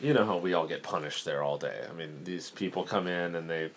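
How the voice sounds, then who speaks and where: A man's voice: deep voice, a little fast, a little hiss or hum. A man co-hosting a casual podcast, laid-back and slangy. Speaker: podcast co-host. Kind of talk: casual chat.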